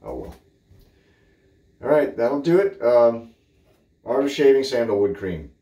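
A man's voice: mid-range voice, big pitch swings, a little slow, dark tone. A man from Cape Cod giving a blunt, rambling, candid shaving product review in his bathroom. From Cape Cod, Massachusetts. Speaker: shaving vlogger. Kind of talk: casual product review chat. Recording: roomy echo.

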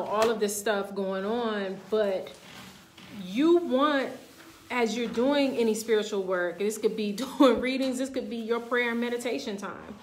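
Woman, spiritual reader, casual and chatty, speaking to viewers, roomy echo, faint background hiss. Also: medium pitch. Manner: informal, chatty, addresses viewers directly. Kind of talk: live-streamed spiritual talk and ritual. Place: indoor room. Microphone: camera. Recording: echoey room, faint background noise.

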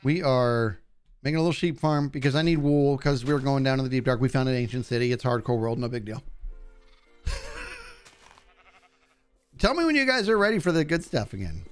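Chatty, lively male game streamer. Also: mid-range voice, fairly quick, pauses often, smooth, soft background music. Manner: chatty, talks to animals and chat. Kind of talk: live gameplay commentary.

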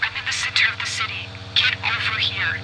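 A wary male survivor in a horror game, played by a man, calling out urgent warnings in a high voice. Loud noise runs under the speech. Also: a little fast, natural voice.

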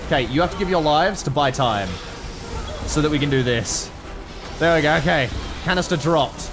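A man with an Australian accent giving excitable, casual commentary while playing a strategy game, swearing freely and yelling at his units. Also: on the high side, moderate pace, long pauses, background noise. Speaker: gaming streamer. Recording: commentary over game audio with music.

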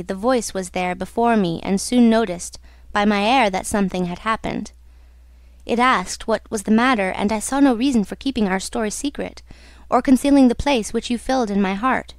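A woman's voice: medium pitch, normal speed, dry recording, lightly acted. A woman reading the part of a young woman singer, telling her love her story in an intimate, earnest way. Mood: confiding.

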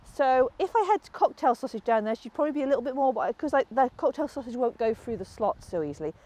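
Woman dog trainer, high animated voice, explaining outdoors with sing-song praise for the dog. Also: fast talker. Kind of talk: instructional demonstration outdoors. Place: outdoors in a field.

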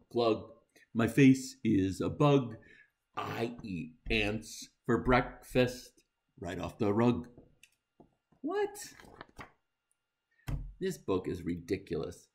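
Middle-aged man, animated read-aloud for kids, slow and wildly expressive, silly sounds. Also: mid-range voice. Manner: playful, mock-dismayed, bursts of silly sounds. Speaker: reader of a children's book.

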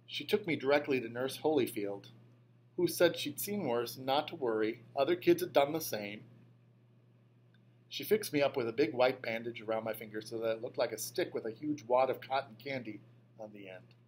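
A man's voice: mid-range voice, moderate pace. Male audiobook narrator with a mid-range voice; plain first-person storytelling over a faint hum. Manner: first-person storytelling, lively when voicing a child. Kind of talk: scripted narration.

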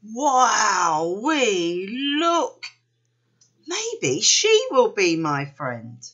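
A woman's voice: lowish voice, slow pace, breathy edge, dull audio, full character voice. A woman voicing a lonely, eager young male panda in a picture book she reads aloud to children. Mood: excited. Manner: wishful, bursting into excitement.

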